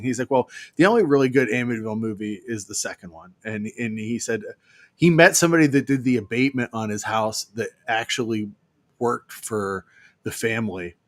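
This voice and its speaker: A man's voice: medium pitch, no echo. A man in his fifties co-hosting a show, rambling through jokes with lots of fillers. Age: 50s. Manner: rambling, joking, many fillers. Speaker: co-host. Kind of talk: casual banter.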